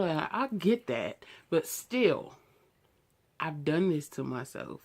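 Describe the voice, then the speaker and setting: A woman's voice: low-pitched, big pitch swings, slow, a little mellow. A woman in her thirties, telling her own story to the camera in a raw, emotional and outspoken way, in loose casual speech. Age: 30s. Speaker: vlogger. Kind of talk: candid personal story to camera.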